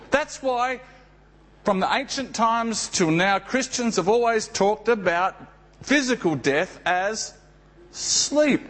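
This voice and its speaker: Man, pastor, sermon, storytelling, rhetorical questions, slow. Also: high voice, expressive, a bit bright.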